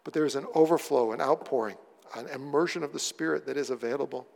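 A man preaching a sermon as pastor, moving from hushed pleading to loud, excited storytelling. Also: mid-range voice, fast, vocal fry. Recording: long hall reverb.

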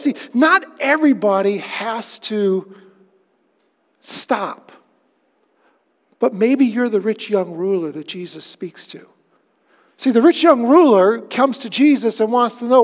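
A man preaching a sermon, with a conversational, animated storytelling manner. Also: high voice, creaky, in a large hall. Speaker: pastor.

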